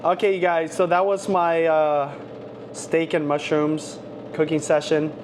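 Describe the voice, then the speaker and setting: A man's voice: on the high side, little pitch movement, a little slow, noisy background. A man hosting a cooking live stream from his home kitchen, chatty and upbeat, talking straight to his viewers. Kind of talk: casual live-stream chat.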